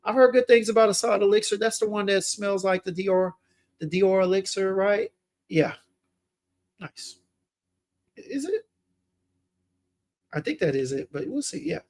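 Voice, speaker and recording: Chatty young man with a high voice. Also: lively intonation, measured pace, long pauses, a little mellow. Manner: laid-back, chatty, reads viewer comments aloud. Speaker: fragrance livestream host. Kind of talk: casual livestream chat.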